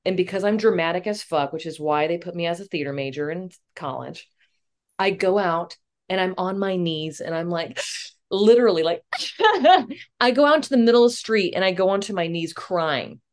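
A young woman, a comedic actress, telling a self-mocking story as a podcast guest, animated and swearing casually. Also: fairly low pitch, brisk.

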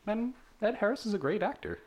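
A man's voice: high-pitched, big pitch swings, brisk, a little mellow. A man co-hosting a casual podcast chat, playful and teasing. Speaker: podcast co-host.

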